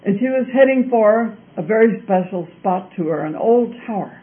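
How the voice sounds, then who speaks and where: A man tells a fairy tale in a high voice, deliberately and with a lot of repetition. The sound is tinny and narrow, like a phone line. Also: animated. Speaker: storyteller. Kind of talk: told fairy-tale narration.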